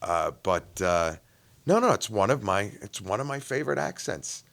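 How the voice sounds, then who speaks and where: A man's voice: lowish voice, normal speed, gravelly. A man co-hosting a casual podcast, who talks about and explains regional accents. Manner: animated, explains accents in detail. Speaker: podcast co-host.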